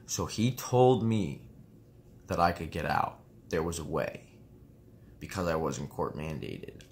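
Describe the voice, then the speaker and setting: A man's voice: extremely low pitch, expressive, slow, darkish tone. A man in his twenties telling a personal story casually, rambling and often saying "you know what I mean" with some swearing. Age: 20s. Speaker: vlogger.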